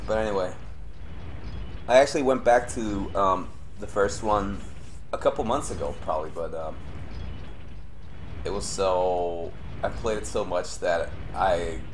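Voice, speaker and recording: A young man streaming live gameplay and commenting as he plays. He swears often and swings between low grumbling and sudden yelling. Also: unhurried, long pauses, slight background noise. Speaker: streamer playing a horror game.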